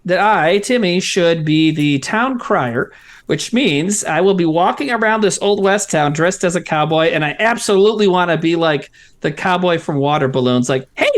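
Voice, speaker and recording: A man's voice: sits high, normal speed. A man co-hosting a casual live stream, telling stories with lots of swearing. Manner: animated storytelling with lots of swearing. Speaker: co-host of a live-streamed comedy show. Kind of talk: casual chat.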